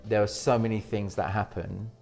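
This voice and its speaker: Lively, low-voiced male speaking coach. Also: normal speed, creaky, faint music behind. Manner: energetic, restarts sentences, demonstrates techniques. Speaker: presentation coach. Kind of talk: interview advice.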